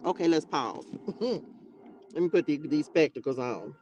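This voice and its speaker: A woman hosting a livestream who reads scripture and adds animated, slangy, joking commentary. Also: sits low, a little slow, slight background noise. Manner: animated, laughing, slangy asides. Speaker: livestream host reading scripture. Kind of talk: bible reading with casual commentary. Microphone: livestream mic.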